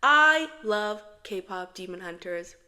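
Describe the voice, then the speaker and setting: A woman's voice: medium pitch, expressive, takes it slowly, pushed and bright. Chatty young woman with heavy echo. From Morocco. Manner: chatty, dramatic, self-talking. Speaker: vlogger. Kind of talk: casual chat vlog. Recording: echoey reverb from an echo setting.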